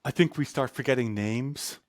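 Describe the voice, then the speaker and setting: A man's voice: medium pitch, normal speed, no echo, studio quality. A man as an interview guest, chatting over a video call and telling anecdotes in a conversational way. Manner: storytelling, acts out quoted voices.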